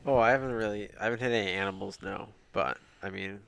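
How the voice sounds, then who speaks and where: A man's voice: on the low side, fairly even intonation, fast talker, vocal fry, a bit bright. A man in a casual chat, telling indignant stories about driving. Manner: indignant storytelling. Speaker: podcast co-host.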